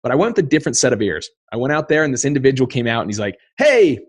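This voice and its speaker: Racing along at medium pitch, a podcast guest in his thirties shares a personal story, eager and sincere, voicing the quotes himself. There's no room sound at all.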